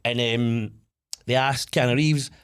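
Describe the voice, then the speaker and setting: A man's voice: medium pitch, a little slow, clear, resonant tone. A man co-hosting a casual podcast, retelling film scenes with lots of energy and swearing. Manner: animated storyteller, swears freely. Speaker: podcast co-host. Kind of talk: casual chat.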